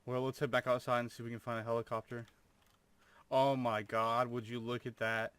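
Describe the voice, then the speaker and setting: A man's voice: mid-range voice, flat delivery, a little fast, a bit bright, clear, resonant tone. A young man commentating his own gameplay, full of over-the-top amazement and swearing. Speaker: gamer.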